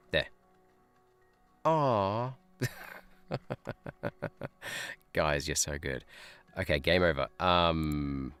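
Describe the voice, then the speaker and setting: A man's voice: rumbling low, a bit bright, clean tone. A man who is a teacher, streaming a guessing game live, thinking aloud in a chatty way and laughing often. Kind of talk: live gameplay chat.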